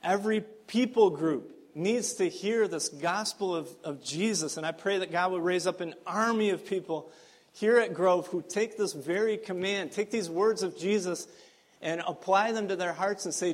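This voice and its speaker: A man's voice: high voice, unhurried. A man preaching a sermon as pastor, earnest and emphatic, with frequent fillers.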